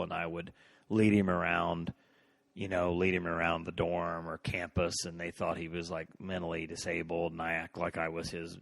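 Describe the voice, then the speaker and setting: Low gravelly man rambling casually. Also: no room sound. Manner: rambling, self-deprecating, many fillers. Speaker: podcast host. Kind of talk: casual solo reminiscing.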